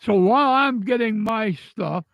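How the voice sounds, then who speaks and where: A man's voice: high-pitched, lively intonation, measured pace, vocal fry, dry recording, highs cut off. An older man telling a personal story in a casual, angry and blunt way, swearing freely. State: upset. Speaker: vlogger telling personal stories.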